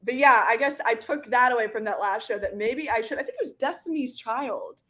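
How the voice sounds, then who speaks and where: A woman singer talking as a guest in a casual interview, chatty and animated, with many "like" fillers. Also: a little high, a little fast.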